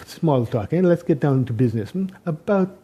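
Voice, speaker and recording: A man's voice: a little high, lively intonation, normal speed, warm tone, slightly rough, pitched above the performer's own voice. A man doing a mock Russian accent as a sly, wheedling male caller. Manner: wheedling, sly, rising questions.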